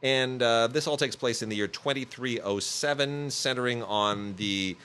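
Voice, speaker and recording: A man with a clear, resonant mid-range voice, pushed and bright at a normal speed, hosts a podcast. He rambles casually through home video reviews, full of fillers and restarts.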